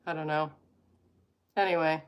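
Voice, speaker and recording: A woman's voice: low voice, fairly even intonation, normal speed. A woman in her thirties from Alberta, Canada, chatting casually and playfully to her viewers, rambling and cutting herself off. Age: 30s. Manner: rambling, playful, self-interrupting. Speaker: vlogger.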